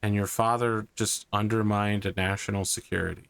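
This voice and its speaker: A man voicing a worried middle-aged mother who quietly confronts her son during a tabletop role-play. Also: fairly low pitch, little pitch movement, a little fast, gravelly, clean tone, dry recording. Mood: stern.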